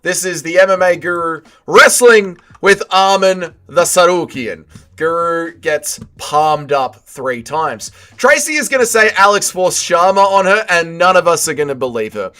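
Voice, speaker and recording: A man's voice: sits high, expressive, measured pace, bright, forceful tone. A young man hosting a livestream, reading chat and bantering casually with viewers, swearing freely. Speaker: livestream host.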